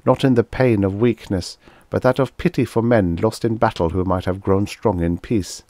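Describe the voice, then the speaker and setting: Dignified male Martian, read by a deep man, calm and measured, gravelly low voice. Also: dry recording, close to an everyday voice.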